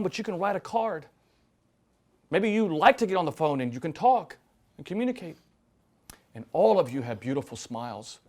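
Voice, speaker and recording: A man, a priest, giving a sermon to a live audience, telling stories with acted quotes and moving between loud emphasis and hushed, quiet lines. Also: a little high.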